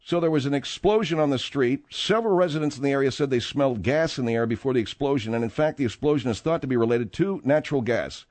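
A man's voice: mid-range voice, fast, few pauses, darkish tone. A man hosting a comedy talk radio show, rambling and exasperated as he tells a story.

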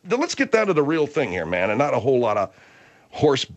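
A man hosting a rambling comedy talk, reading news aloud haltingly and exasperated. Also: medium pitch, huge pitch swings, highs cut off. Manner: halting, stumbling reader, exasperated.

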